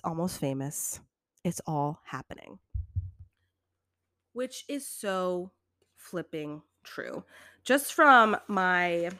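A woman's voice: mid-range voice, dry recording. A young woman talks into a close podcast mic in a chatty, emphatic way. She acts out the inner voices she describes. The sound is dry and close, with a mid-range voice. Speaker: podcast host. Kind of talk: casual self-help podcast talk.

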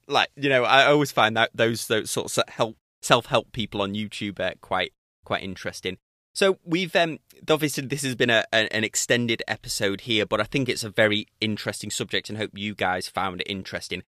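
A British man hosts a casual podcast, speaking earnestly and pausing to rephrase. His voice sits fairly low yet sounds bright and forceful. The recording is dry and close. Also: dry recording. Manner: earnest, thoughtful, with small restarts. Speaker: podcast host, watch reviewer.

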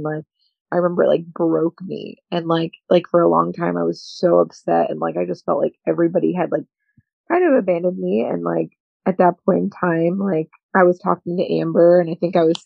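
A young woman co-hosting a podcast tells her story candidly, rambling and leaning on "like" as she goes. Her voice has a heavy gravelly fry and a husky edge. The recording is dull and dry, with a lo-fi sound. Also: fairly low pitch, dry recording. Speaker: podcast co-host. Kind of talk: candid personal podcast chat.

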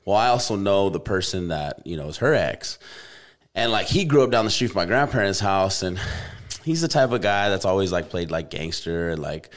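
A young man from Albuquerque telling a story in relaxed, slangy podcast chat, dropping "bro" again and again. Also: low voice, brisk. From Albuquerque, New Mexico. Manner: laid-back, slangy, says "bro" constantly.

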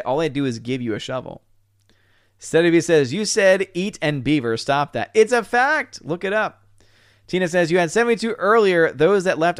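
A young man hosting a livestream, reading viewer comments aloud and answering them with laughs and quick retorts. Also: a little high, smooth, no echo, studio quality. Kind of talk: casual livestream chat.

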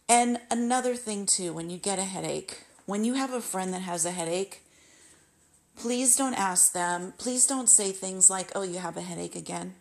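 A woman vents to the camera in an indignant personal rant. Her voice sits at an ordinary middle pitch, and she speaks in frustrated bursts, now and then acting out sharp retorts. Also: vocal fry. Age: adult, married. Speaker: vlogger venting about a masseuse.

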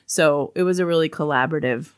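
Lively swearing woman chatting casually. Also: deep voice, quick pace, clear, resonant tone. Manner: animated, swears freely, mimics accents in quotes. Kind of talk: casual chat.

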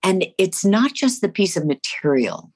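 A middle-aged actress with a slight New Jersey accent, talking warmly and effusively as an interview guest, rambling and restarting her sentences. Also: mid-range voice, very animated, normal speed. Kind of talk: casual interview chat.

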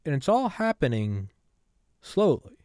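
A man's voice: a little high, sing-song, a little slow, darkish tone, smooth, dry recording, studio quality. A man hosting a solo podcast, ranting sarcastically about politics with profanity and rambling asides. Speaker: podcast host.

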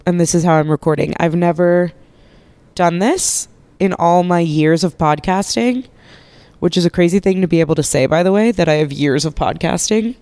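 A woman's voice: fairly low pitch, moderate pace, mellow, no echo. Stuffy-nosed woman podcaster with a cold. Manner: rambling, chatty, swears casually, self-mocking. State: congested with a cold, nasal. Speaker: podcast host. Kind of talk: casual solo podcast chat. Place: living room couch, lying under a blanket. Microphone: podcast microphone held while lying down.

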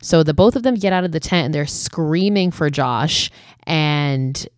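Low-voiced woman casually recapping a film. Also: a little slow, clean tone, no room sound, studio quality. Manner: chatty, heavy use of "like" and frequent swearing. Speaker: vlogger recapping a horror film.

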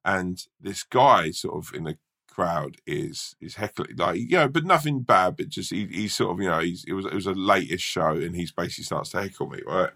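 A man's voice: low voice, lively intonation, normal speed, vocal fry, bright, forceful tone. A man, a stand-up comedian and podcast co-host, telling a rambling anecdote in casual chat and swearing a lot.

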